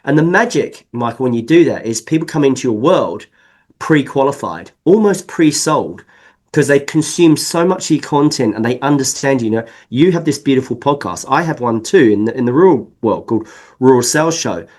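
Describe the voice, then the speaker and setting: A man from England whose accent has drifted toward New Zealand talks as a podcast guest. His voice sits at an ordinary middle pitch. He explains at length and leans hard on key words with animated emphasis. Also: normal speed. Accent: mixed English and New Zealand. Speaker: sales consultant guest. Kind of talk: podcast interview.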